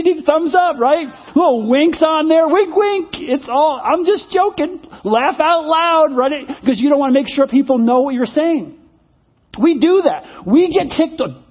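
A man preaches with a very high, husky voice. He talks conversationally, asks his listeners questions and repeats words often. The sermon audio sounds dull and lo-fi. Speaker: pastor.

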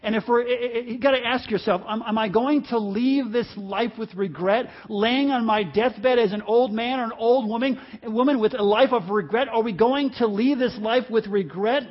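A man in his fifties preaching a sermon to a church congregation, impassioned and swinging from hushed lines to shouting. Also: very high voice, moderate pace, few pauses. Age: 50s. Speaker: pastor. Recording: dull lo-fi sermon recording.

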